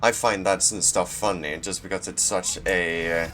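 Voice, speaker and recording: A Swedish man, just woken up and a bit groggy, commenting casually on his gameplay with a laid-back, rambling manner and sudden loud outbursts. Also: low voice, steady tone, normal speed, soft background music. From Sweden. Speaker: gaming channel host.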